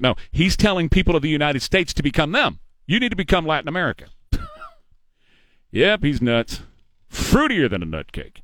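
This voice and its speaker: A man's voice: on the high side, big pitch swings, brisk, a bit bright, no room sound. A man hosting a talk radio show in a studio, emphatic, ranting and sarcastic.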